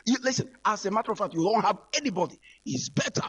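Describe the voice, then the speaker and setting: This radio preacher, a man, keeps fervently calling out to listeners directly, repeating his appeal over and over. He speaks quickly in a high-pitched, fairly bright voice with lively intonation and a slight roughness.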